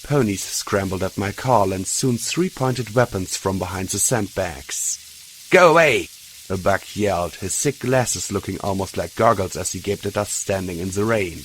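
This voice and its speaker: A man's voice: low-pitched, normal speed, hardly any pauses, a little hiss or hum, rough recording. A man narrating a fan-fiction audiobook, telling the story steadily and voicing every character. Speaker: audiobook reader.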